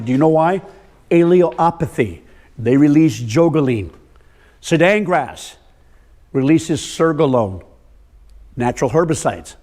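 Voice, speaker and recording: In a workshop room before a live audience, an older man lectures farmers on soil health, weaving in stories and peppering them with questions. He speaks with a fairly high, mellow voice.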